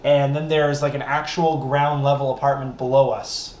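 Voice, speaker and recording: A man's voice: medium pitch, moderate pace. Give me a young man telling a story in a roomy echo. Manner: animated, profane, laughing storyteller. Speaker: podcast host. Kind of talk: casual storytelling. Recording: roomy echo, faint noise.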